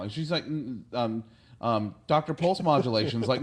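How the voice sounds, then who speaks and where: A man's voice: mid-range voice, animated, moderate pace. A man hosting a podcast, casually retelling an episode and acting out the characters' lines. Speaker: podcast host.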